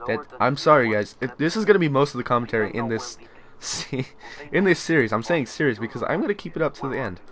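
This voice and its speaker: A man's voice: medium pitch, expressive, quick pace. Panicky young man playing a horror game. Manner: panicky, yelling and swearing in fright. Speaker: gamer. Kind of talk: let's play commentary.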